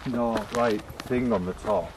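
A young man talking quietly with friends in the woods at night. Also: medium pitch, measured pace, distant mic. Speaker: camping companion. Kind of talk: casual chat. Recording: noisy outdoor recording.

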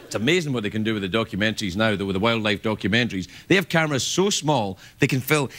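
A man's voice: lowish voice, fast. A man hosting a late-night talk show, delivering a playful comic monologue in a TV studio. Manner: playful, animated, laughing through lines. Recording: loud background noise.

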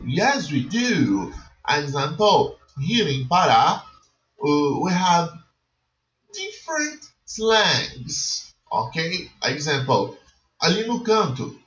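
Slow, lively-voiced Brazilian male teacher. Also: on the high side. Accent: Brazilian Portuguese. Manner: slow, repeats checks like "okay?" and "yes or no?". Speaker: English teacher. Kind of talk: online class for children. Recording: roomy, dull lo-fi sound.

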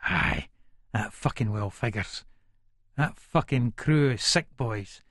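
A man's voice: mid-range voice, takes it slowly, a bit bright, no room sound, clean studio sound. An actor with an Edinburgh Scots accent narrating as a volatile, foul-mouthed Leith man in middle age, in a full-cast audiobook. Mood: menacing. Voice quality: coarse, swearing, menacing. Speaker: first-person narrator.

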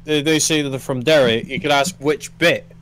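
A man in a casual group chat on a game stream, chiming in with quick remarks. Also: medium pitch, fairly even intonation, crowd noise, poor audio.

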